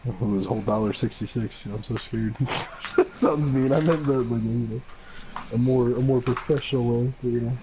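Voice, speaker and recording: A man's voice: mid-range voice, fairly even intonation, normal speed, lo-fi sound, noisy background. A young man chatting casually with a friend while playing poker in a video game, rambling with lots of fillers and laughing often. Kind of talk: casual chat while gaming.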